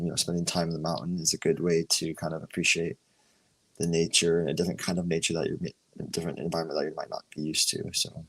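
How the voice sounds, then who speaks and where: A man's voice: deep voice, pushed and bright, poor audio. A man chatting casually as a guest, easygoing and hesitant with fillers. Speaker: guest on lunch break. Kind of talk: casual chat.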